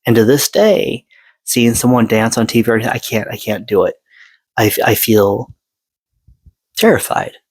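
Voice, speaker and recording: A man's voice: mid-range voice, unhurried, long pauses, husky, dry recording, rough recording. A man in his forties telling his own story in an earnest monologue, hesitant, with many fillers and restarts. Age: 40s. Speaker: vlogger sharing personal story.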